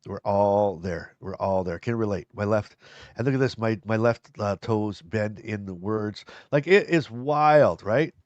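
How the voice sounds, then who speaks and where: A man's voice: fairly low pitch, measured pace, no echo, muffled recording. A man co-hosting a live show, chatting casually and reading viewer comments aloud. He rambles, repeats himself and laughs easily. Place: live stream.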